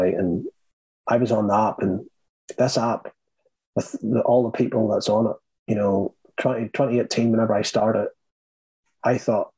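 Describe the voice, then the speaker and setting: A young Irish man with a low, husky voice tells his own story in an interview. He speaks earnestly and haltingly, restarting his sentences often. The sound is dry and close to the mic. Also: a little mellow, no echo, poor audio. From Ireland. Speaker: guest.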